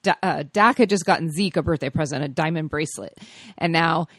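A woman with a somewhat low voice, co-hosting a relaxed sports talk show. She chats freely and laughs often. The sound is dry and close, with no room echo. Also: brisk. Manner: chatty, laughs often, animated retelling. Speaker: co-host. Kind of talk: casual sports chat.

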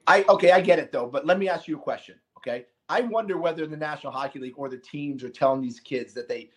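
An emphatic man hosts a casual hockey talk show, his voice sitting a little high. He pushes his points hard and often breaks into quick asides. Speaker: podcast host. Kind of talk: casual sports chat.

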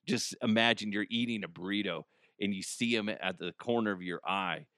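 Fairly low in pitch but pushed and bright, a man speaks a little fast while hosting his podcast. He rambles through a casual comedic monologue, laughing at his own jokes, in a studio-quality recording without echo.

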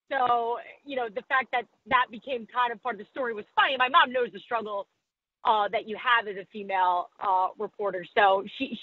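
A woman sports reporter with a slightly high voice chats candidly in a podcast interview, laughing at herself and doing voices when she quotes people. The recording has phone-quality sound and no room sound.

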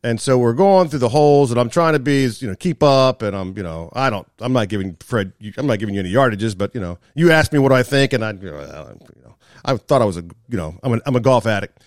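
A man hosting a casual golf chat, telling stories in an animated way. His pitch leaps and swoops as he talks. The sound is dry and close. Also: fast talker, no echo. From Maryland. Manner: animated storyteller, laughs often. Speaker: podcast host.

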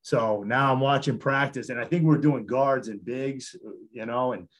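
Man, basketball coach, podcast guest, rambling storyteller, chuckles, middle pitch. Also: moderate pace. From Connecticut. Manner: rambling, self-interrupting storyteller, chuckles often. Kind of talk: casual storytelling interview.

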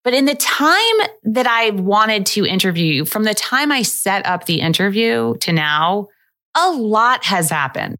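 A woman's voice: medium pitch, expressive, measured pace, bright, forceful tone. A woman hosting a podcast interview, chatting casually and gushing with enthusiasm about her guest. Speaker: podcast host.

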